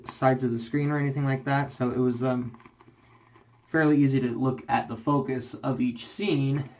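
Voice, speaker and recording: A man's voice: medium pitch, darkish tone. A young man rambling casually in a shaving vlog, full of fillers and restarts, slightly out of breath. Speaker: shaving vlogger.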